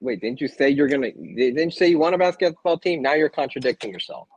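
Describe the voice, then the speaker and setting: A man's voice: medium pitch, animated, fast, darkish tone, breathy edge, no room sound. A young man from Minnesota, a podcast co-host, firing back defensive, snappy comebacks in heated sports banter.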